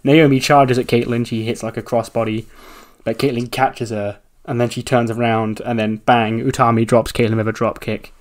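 A man casually narrates a wrestling game playthrough with loose play-by-play, chuckling often and dropping the odd swear word. His ordinary mid-pitched voice has a flat delivery at normal speed.

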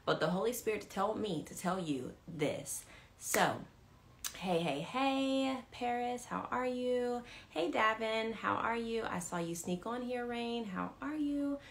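A woman's voice: on the high side, measured pace, creaky. Chatty woman hosting a livestream. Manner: chatty, greets viewers by name, excitable bursts. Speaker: livestream host and ministry leader. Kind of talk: casual livestream chat and storytelling.

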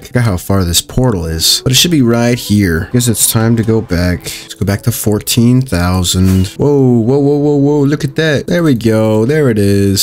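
A young man giving casual, upbeat commentary while playing a video game, thinking aloud with quick exclamations. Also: on the low side, a little mellow. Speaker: gaming YouTuber.

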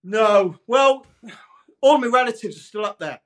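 A man's voice: sits high, lively intonation, unhurried. A man from Leeds, a radio presenter chatting as a guest in a casual interview, laughing easily and calling the host mate. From Leeds, England. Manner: chatty, laughs often, calls everyone mate.

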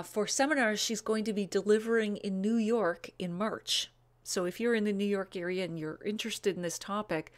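Woman, live-stream host, bubbly casual chat, frequent ums, rattles off wine names and tasting notes. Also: medium pitch. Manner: chatty and bubbly, with frequent "um"s and quick asides.

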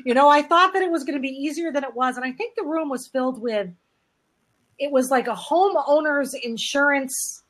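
A woman with a slightly high voice hosts a panel discussion. She speaks in an encouraging, reflective way, drawing her guests into the talk. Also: moderate pace, a bit bright. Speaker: host.

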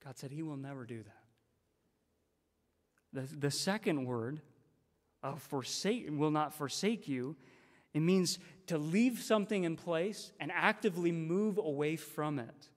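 Guest preacher, male, fairly high voice, emphatic with repeated phrases, long church reverb. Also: unhurried. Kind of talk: sermon. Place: church sanctuary.

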